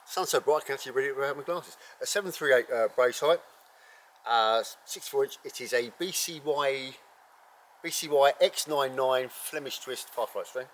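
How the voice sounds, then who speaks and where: A man hosting an archery channel, talking casually and rambling with many ums and self-corrections while reviewing a bow outdoors in bright sun. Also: mid-range voice, slight background noise. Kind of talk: casual unscripted gear review.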